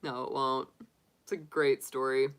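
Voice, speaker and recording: A woman's voice: a bass voice, little pitch movement, unhurried, clear, resonant tone. A middle-aged woman hosting a tarot livestream, chatting casually with viewers, laughing often and filling her talk with likes and restarts. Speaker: tarot reader livestream host. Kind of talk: casual chat to live viewers.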